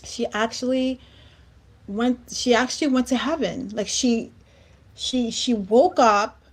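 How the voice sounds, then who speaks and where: A woman's voice: fairly high pitch, slow pace. A woman hosting a heartfelt talk show conversation, speaking earnestly and emphatically and often repeating words. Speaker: host.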